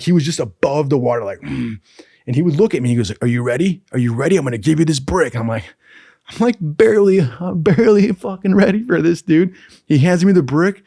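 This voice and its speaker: A man's voice: mid-range voice, darkish tone, no echo, clean studio sound. A young man telling a profane, casual story from his training, laughing often and saying "dude" a lot.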